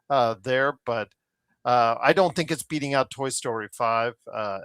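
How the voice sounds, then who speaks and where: Speaking in a medium pitch with a fairly bright, clean tone, this podcast co-host chats casually over a remote call mic in a dry recording. He rambles, using many fillers and restarts, exasperated with online controversies.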